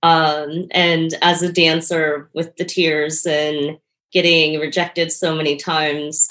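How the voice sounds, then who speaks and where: Low-voiced woman, earnest and reflective. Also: fairly bright tone. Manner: earnest and reflective, often laughing lightly. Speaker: interview guest, performance artist and yoga teacher. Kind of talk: casual interview conversation.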